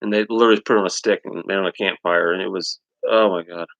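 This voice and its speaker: Low-voiced man telling stories on a muffled stream. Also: steady tone, rapid-fire, creaky, a bit bright. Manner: storytelling, emphatic. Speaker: co-host of a live stream. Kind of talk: casual live-stream chat.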